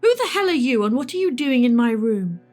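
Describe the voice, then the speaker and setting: A woman's voice: fairly high pitch, lively intonation, moderate pace, faint music behind, lightly acted. A woman voicing a young TV presenter who is startled and irritated, speaking bluntly. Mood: annoyed.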